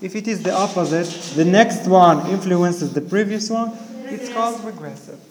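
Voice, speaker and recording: A male teacher giving a classroom lecture, explaining step by step and often checking with "okay, guys? clear?". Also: high-pitched. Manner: explains slowly step by step, repeating key words. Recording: reverberant room.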